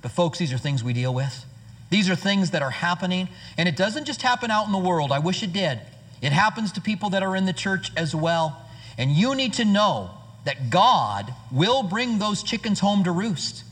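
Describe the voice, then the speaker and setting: A man's voice: sits high, expressive, moderate pace, a bit bright, breathy edge. A male pastor preaching a sermon in a church, earnest and conversational with his congregation. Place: church sanctuary. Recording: hall reverb.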